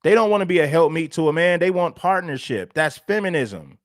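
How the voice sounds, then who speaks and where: A man's voice: a little high, lively intonation, a little fast, dry recording. Preachy male host, dry sound. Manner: preachy, emphatic and repetitive. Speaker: show host. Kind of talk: livestream commentary.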